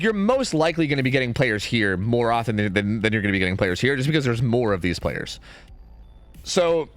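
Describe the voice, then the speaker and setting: A man's voice: mid-range voice, a bit bright, no echo. A young man streaming, ranting casually in a rambling way, full of "like" and "dude" and some swearing.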